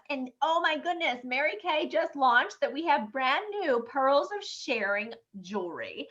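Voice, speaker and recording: Upbeat hoarse woman director rallying a sales team, high and bright, muffled call audio. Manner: upbeat and encouraging. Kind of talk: team meeting presentation.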